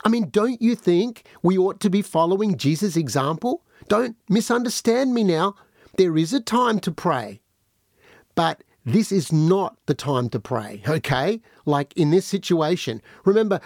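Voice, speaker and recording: A man's voice: high voice, no echo, studio quality. A man preaching a podcast sermon, addressing listeners directly and acting out the voices he quotes. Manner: animated, acts out quoted voices.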